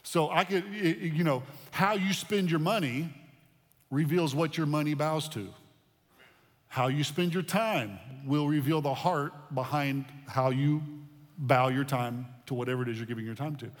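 A man preaching a sermon with a slightly higher voice. He talks in a loose, conversational way, often repeating words and restarting phrases. His voice rings with the long reverb of a large hall. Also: normal speed. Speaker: pastor.

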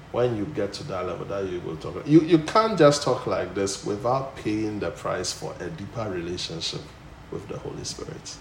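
Male preacher, low gravelly voice, emphatic sermon delivery, echoey room. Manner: emphatic, rising to loud bursts then dropping low. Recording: echoey room with faint noise.

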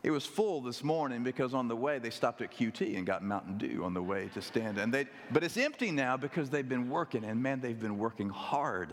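A male pastor preaching a sermon with dramatic pauses and wry humor. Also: on the low side, a bit bright. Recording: echoey hall.

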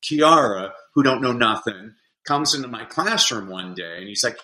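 A man talking as a guest on a podcast, telling lively classroom stories and acting out the kids' voices. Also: medium pitch, normal speed, low-quality recording. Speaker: guest educator. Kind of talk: casual podcast chat.

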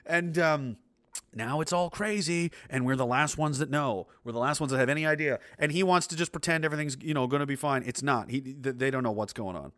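Man, livestream host, rambling, restarts, bright forceful tone, dry close sound. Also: mid-range voice, fairly quick, no room sound. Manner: rambling, many restarts and fillers. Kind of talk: casual livestream talk.

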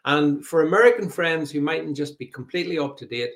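A middle-aged man hosting a live podcast, chatting casually, reading out viewer comments and filling pauses with ums and uhs. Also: fairly high pitch, animated. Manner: chatty, reads out viewer comments, frequent fillers. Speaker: podcast host. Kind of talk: live podcast chat with co-host.

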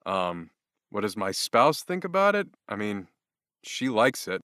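Narrator guest: man, low voice with bright edge, lively swinging pitch, laughs as he talks. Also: a little slow. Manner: laughing, animated storyteller. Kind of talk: conversational interview answers.

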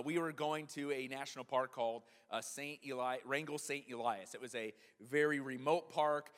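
A man's voice: medium pitch, fairly bright tone. A male pastor preaching a sermon in a conversational way, often checking in with the congregation with "right?". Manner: conversational preaching, frequent "right?" tag questions. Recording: long hall reverb.

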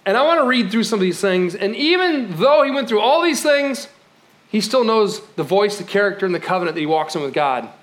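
A male pastor preaching a sermon in a conversational, emphatic way, moving from loud exclamations to quiet, low moments with light laughs.

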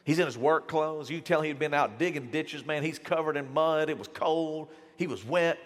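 A man preaching a sermon as pastor, casual and animated, slipping into slang and acting out the voices of people in his stories. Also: on the high side, normal speed. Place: church hall. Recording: church hall with long reverb.

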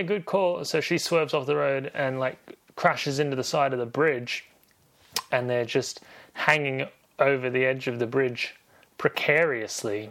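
A man's voice: medium pitch, gravelly, a bit bright. A man hosting a podcast, recapping a film in a rambling, jokey way and correcting himself as he goes. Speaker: podcast host.

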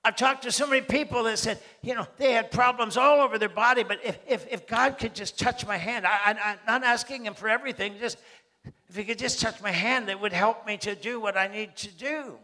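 Male pastor, bright high voice, animated sermon with acted-out scenes. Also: fairly quick.

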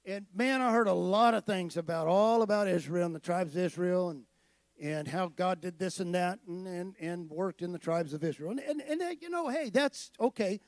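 High, gravelly-voiced male preacher. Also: normal speed, dry recording. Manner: conversational preaching, rising to emphatic declarations. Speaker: pastor. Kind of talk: sermon.

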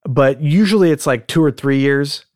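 A man's voice: fairly high pitch, moderate pace, darkish tone, no room sound. Matter-of-fact man on a dry mic. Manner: matter-of-fact, explains facts plainly. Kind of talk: casual conversation.

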